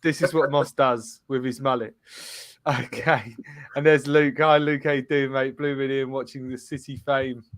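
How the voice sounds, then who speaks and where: A man's voice: mid-range voice, fairly even intonation, normal speed, no room sound, studio quality. A man hosting a casual live-streamed football show, chatty, reading out viewers' comments and laughing often. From England. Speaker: host.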